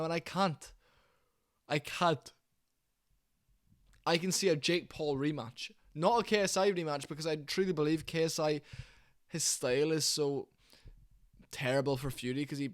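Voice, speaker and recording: A man's voice: fairly high pitch, normal speed, pauses often, dry recording, clean studio sound. A man giving rambling, candid boxing commentary at home, full of fillers and restarts. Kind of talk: casual opinionated commentary. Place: warm room at home.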